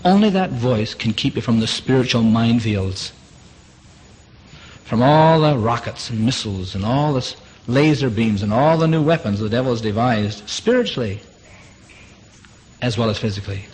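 A man's voice: mid-range voice, animated, moderate pace, a little mellow, low-quality recording. A man preaching a sermon in an earnest, repetitive way, asking rhetorical questions.

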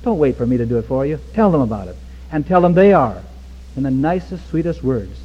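A man preaching a sermon with passion, swinging from hushed pleading to near-shouting. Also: mid-range voice, big pitch swings, fairly quick, slightly rough. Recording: dull recording with long hall reverb.

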